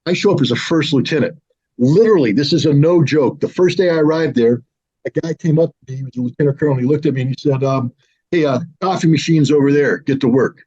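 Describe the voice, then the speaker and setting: A man in his sixties from the United States, telling a personal story in a casual, animated way on his own show. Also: a little high, quick pace. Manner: animated, with lively mimicry of others. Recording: slightly dull lo-fi sound.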